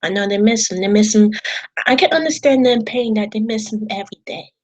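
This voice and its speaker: A woman vlogs casually about wrestling, her mid-range, darkish voice running a little fast on a low-quality recording. She talks to camera in a rambling, repetitive way, with emotional moments and some swearing.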